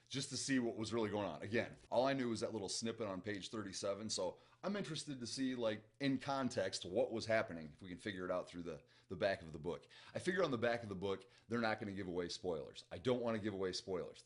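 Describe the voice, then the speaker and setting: A man's voice: fairly low pitch, animated, fast talker, few pauses. Chatty Midwestern man reading a novel. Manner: chatty, enthusiastic, self-interrupting. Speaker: book reaction host. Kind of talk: reading aloud and reacting to a novel.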